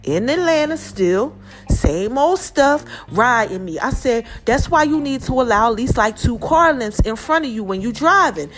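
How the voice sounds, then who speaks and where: A woman in her forties from New Jersey, hosting her own podcast and telling a story in an animated, emphatic, slangy way. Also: on the high side, normal speed, faint music behind. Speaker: podcast host. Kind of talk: casual storytelling monologue.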